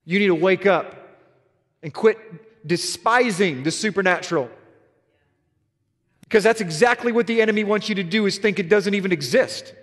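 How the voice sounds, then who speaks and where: A man's voice: high-pitched, normal speed, pauses often, fairly bright tone, big-room sound. A man preaching a sermon as pastor, telling an earnest story with emphatic repetitions.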